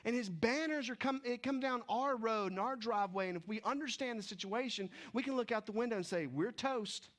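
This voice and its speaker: A man preaching a sermon, with animated delivery that swings between loud emphasis and hushed, low stretches. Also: brisk, few pauses. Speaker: pastor.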